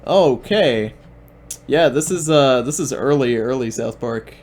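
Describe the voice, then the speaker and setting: A man's voice: mid-range voice, measured pace, a little hiss or hum. A man hosting a stream, mocking the videos he plays in a sarcastic, repetitive way. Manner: sarcastic, deadpan, repeats himself. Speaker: stream host and commentator.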